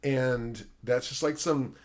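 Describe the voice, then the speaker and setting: A man's voice: medium pitch, takes it slowly. Guy hosting a podcast, talks about movies super casually, lots of ums and f-words. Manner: rambling, swears often, lots of fillers; acts out quotes in animated voices. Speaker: podcast host. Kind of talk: casual film discussion.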